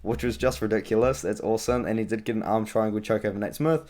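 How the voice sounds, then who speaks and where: A man's voice: fairly low pitch, quick pace, a little mellow. A young man in a casual vlog giving fight predictions, chatty and rambling, with frequent ums and uhs. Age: young adult. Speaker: MMA vlogger.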